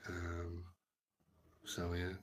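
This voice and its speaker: A man hosting a livestream, rambling in a deadpan, mumbling way with lots of ums. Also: low voice, drawn-out words. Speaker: livestream host.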